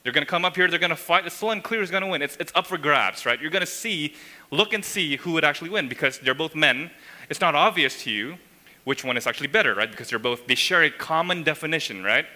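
A man preaching in a church sanctuary, his voice bright and forceful with a slightly high pitch. He talks emphatically, explaining scripture and checking in with his listeners. A long reverb trails after his words. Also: lively intonation, fast talker. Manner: emphatic, frequent tag questions, voices God's words. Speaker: pastor. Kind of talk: sermon.

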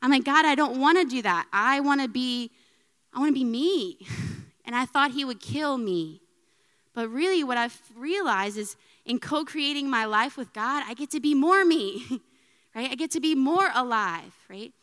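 A woman in her thirties giving a personal faith talk to an audience, chatty and animated, often adding "right?". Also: sits high, moderate pace. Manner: chatty, frequent "right?" tags, laughs often. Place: church hall with audience. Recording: long reverb in a hall.

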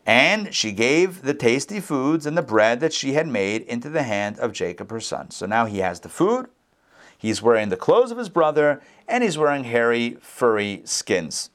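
A man teaching a scripture lesson to a class, acting out the characters' lines with sudden jumps up in pitch and making chatty asides to his listeners. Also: very animated, moderate pace, a bit bright. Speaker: rabbi teaching Torah class.

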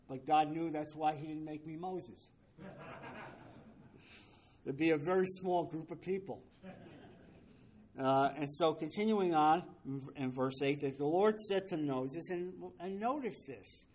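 A man's voice: on the high side, measured pace, a little mellow, a little hiss or hum. A man leading a Bible study, speaking emphatically, repeating key phrases and asking rhetorical questions, with the odd wry aside.

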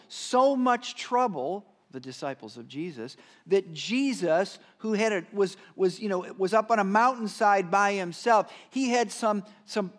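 High-voiced man preaching a conversational sermon. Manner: conversational, frequent "right?" tag questions, drops to hushed tones for emphasis. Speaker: pastor.

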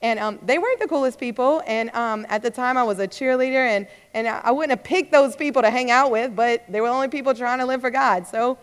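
A woman's voice: fairly high pitch, fast, few pauses, clear, resonant tone. A young woman preacher giving a fervent sermon testimony, rising to urgent exhortation. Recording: long hall reverb.

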